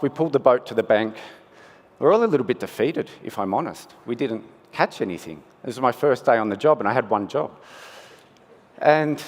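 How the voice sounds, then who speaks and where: Man telling a story in a reverberant hall. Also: mid-range voice. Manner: anecdotal, conversational storytelling. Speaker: conference speaker, scientist. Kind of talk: storytelling conference talk. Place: conference hall.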